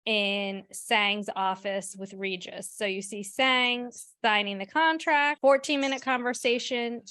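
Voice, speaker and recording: A woman's voice: fairly high pitch, unhurried, pushed and bright, dry recording, studio quality. A woman co-hosting a podcast, recapping a TV episode bluntly in casual chat and swearing freely. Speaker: podcast co-host.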